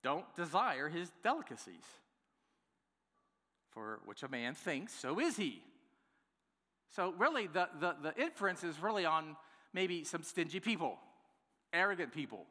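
Male pastor, sermon, playful, lively pitch, slightly high voice. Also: measured pace, long pauses, big-room sound. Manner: lively, playful, acts out congregants' replies. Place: church worship center.

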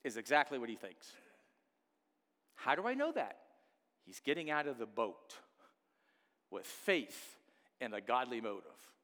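A man preaching a sermon as pastor, repeating key phrases with animated delivery. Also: mid-range voice, measured pace, long pauses, big-room sound.

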